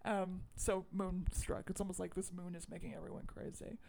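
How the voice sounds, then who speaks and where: Woman cohost, creaky voice, lots of likes and ums, animated film chat. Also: on the low side, moderate pace, slight background noise. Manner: rambling and animated, lots of fillers, swears. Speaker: podcast co-host. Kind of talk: casual chat recapping a film.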